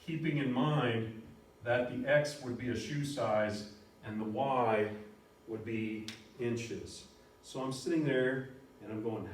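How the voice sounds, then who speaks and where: Middle-aged male algebra instructor, animated lecturer, recorded far from the mic in a very echoey room. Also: mid-range voice, moderate pace, slight background noise. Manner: animated, bursts into shouts on key words. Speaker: college math instructor.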